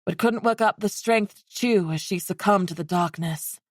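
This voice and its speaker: A woman narrating a fantasy romance audiobook in a steady, even storytelling way. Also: mid-range voice, moderate pace, no room sound, clean studio sound.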